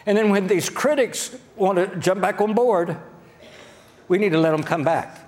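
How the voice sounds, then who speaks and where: Brief: male Oklahoman pastor, folksy and direct, slightly high voice, long church reverb. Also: normal speed, a little mellow. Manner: folksy, direct, addressing the congregation. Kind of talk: sermon. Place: church sanctuary.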